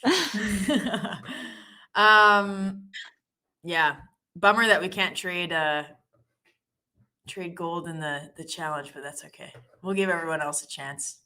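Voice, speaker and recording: A woman's voice: fairly low pitch, fairly even intonation, measured pace, sharp tone. A woman hosting a live trading stream in casual, chatty talk, giggly and self-deprecating.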